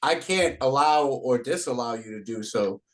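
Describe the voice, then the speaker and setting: A man's voice: mid-range voice, lively intonation, moderate pace. Laid-back young man, filler-heavy chat. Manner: laid-back, lots of "like" and "you know". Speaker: interviewer and rapper. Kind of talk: casual interview chat.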